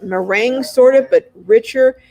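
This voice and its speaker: A woman's voice: a little high, moderate pace, dark tone, dry recording. A woman hosting a live stream, chatting casually and reading out viewer comments. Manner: chatty and effusive, greets viewers by name.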